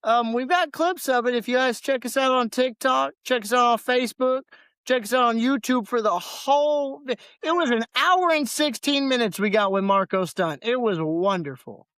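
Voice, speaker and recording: A man talks wrestling on a casual podcast, relaxed and unhurried, stumbling over and repeating his words. His voice is clean and smooth. It sounds dry and close to the mic. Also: very high-pitched, no echo. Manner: laid-back, loose, repeats words. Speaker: podcast co-host.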